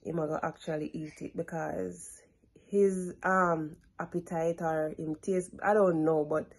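A young woman, chatting casually to her vlog audience at home and coaxing her toddler in a soft, sing-song voice. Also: low voice, flat delivery, unhurried, creaky, slightly rough. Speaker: vlogger mother. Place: home, kitchen and bathroom.

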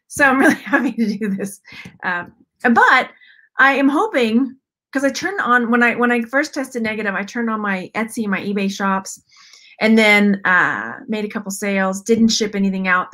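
A woman's voice: mid-range voice, normal speed, pushed and bright. A Southern American woman hosting a live jewelry unboxing stream, chatting in a rambling, friendly way and greeting viewers by name. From Texas. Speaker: YouTube host. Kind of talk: casual live-stream chat.

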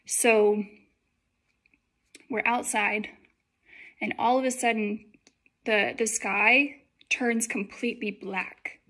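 A young woman with a somewhat high voice recounts a dream in a loose, chatty way. She fills her talk with likes and ums as she goes. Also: fairly bright tone. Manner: chatty, many likes and fillers. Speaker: vlogger telling a dream. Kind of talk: casual testimony.

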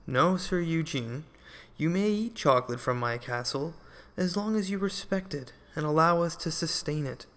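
A man voicing a wise, calm king who speaks with gentle firmness in a children's storybook. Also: on the high side, normal speed. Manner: gently firm, commanding.

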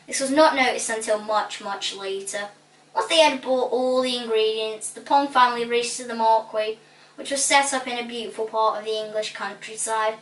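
A woman reading a children's book aloud in a lively, playful way, recorded with a roomy echo from a distance. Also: fairly high pitch, normal speed. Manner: lively, playful, relishing funny words. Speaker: storybook reader.

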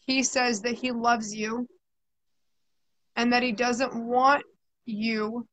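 Woman, psychic medium, high voice, soothing, chatty, repetitive. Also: pushed and bright, rough recording. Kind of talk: live spirit reading.

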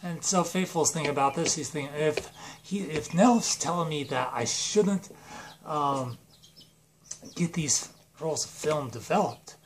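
Rambling male storyteller, fairly high voice. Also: a little hiss or hum. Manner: rambling, with fillers and profanity. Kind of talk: casual comedic storytelling.

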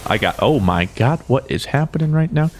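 A young man giving excitable, joking gameplay commentary, talking to himself as he plays. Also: medium pitch, normal speed. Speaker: gaming YouTuber.

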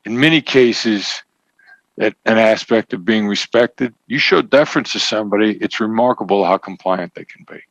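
A man as an interview guest, explaining negotiation points in a measured, emphatic teaching tone. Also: on the low side, fairly bright tone, no echo. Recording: dull, slightly lo-fi sound.

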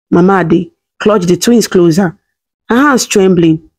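A woman reading a scripted story in a steady, dramatic way. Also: fairly low pitch, unhurried, slightly rough.

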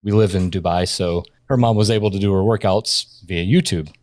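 Deep, relaxed middle-aged man as an interview guest, dry and close-miked. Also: fairly quick, no room sound. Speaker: guest, video producer.

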